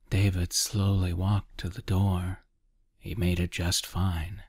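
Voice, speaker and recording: A man narrating a dark short story as a soft, half-whispered ASMR reading close to the mic. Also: deep voice, little pitch movement, slightly rough, no echo. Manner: quiet, half-whispered, measured.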